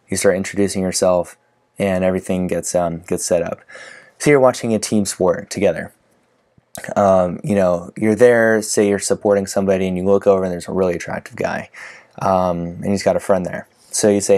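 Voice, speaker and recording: A man's voice: low-pitched, steady tone, moderate pace, darkish tone. A man teaching dating advice in a casual, conversational way, acting out sample lines with frequent fillers. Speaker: dating coach. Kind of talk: casual instructional talk to camera.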